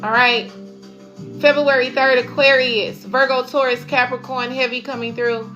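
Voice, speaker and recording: A woman's voice: sits high, level tone, normal speed, bright, forceful tone, highs cut off. A woman giving an oracle card reading to her audience, emphatic and preachy, with casual slang. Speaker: spiritual reader. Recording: music playing behind.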